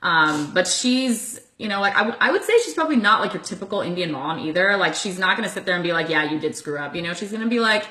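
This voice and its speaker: Chatty twenty-something girl hosting, super animated, sharp bright voice, kinda echoey room. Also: mid-range voice, quick pace, few pauses. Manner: animated, laughing storyteller with lots of "like". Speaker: host. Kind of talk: casual chat.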